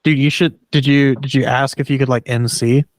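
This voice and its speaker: A male host chats casually and plays along with the jokes. His voice sits at a middle pitch, and the recording is close and dry. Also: steady tone, a little fast, dry recording. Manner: laid-back, joins in on the bits. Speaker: podcast host. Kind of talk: casual podcast chat.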